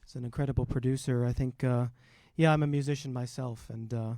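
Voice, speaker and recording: A man hosting a live open mic in a relaxed, rambling way with many fillers, speaking into a stage mic. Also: mid-range voice, a little fast, no room sound, studio quality. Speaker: open mic host and educator.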